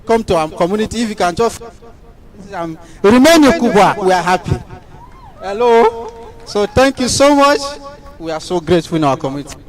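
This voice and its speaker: A man, a community member giving an enthusiastic, halting speech of thanks at a meeting. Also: high voice, sing-song.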